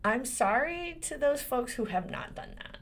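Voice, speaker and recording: A woman's voice: high voice, animated, measured pace. A woman in her forties, a lawyer and channel host, talking casually to camera and shifting between serious points and laughter. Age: 40s.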